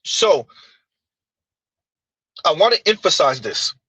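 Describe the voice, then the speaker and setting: Bright-voiced argumentative man streaming. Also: a little high, big pitch swings, slow, breathy edge, no room sound, poor audio. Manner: argumentative, rhetorical questions; reads chat comments aloud. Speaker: livestream commentator. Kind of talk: casual livestream commentary.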